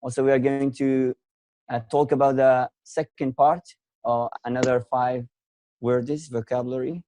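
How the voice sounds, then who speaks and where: A man's voice: medium pitch, little pitch movement, moderate pace, mellow, slight background noise, low-quality recording. Encouraging male teacher online. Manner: encouraging, repeats words while searching for them. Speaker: English teacher hosting an online class. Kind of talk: online lesson.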